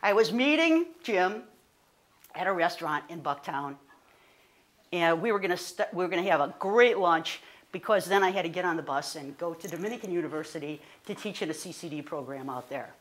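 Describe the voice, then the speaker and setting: A woman, a guest speaker telling a personal story in an animated, conversational way, full of fillers and self-corrections. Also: fairly low pitch, brisk. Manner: animated, rising to indignant.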